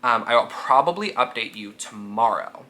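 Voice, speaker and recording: A man in a casual reading vlog, talking in a bright, forward tone. He swears freely and fills his talk with fillers. He gushes with feeling, always close to tears. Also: medium pitch, moderate pace. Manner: animated and sweary, filler-heavy; emotionally gushing, near tears. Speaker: book vlogger.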